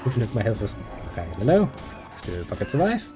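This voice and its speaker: A man's voice: mid-range voice, huge pitch swings, fairly quick, music in the background. A man giving sarcastic, muttered commentary while playing a game, swearing freely. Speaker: gameplay commentator. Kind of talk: casual gameplay commentary.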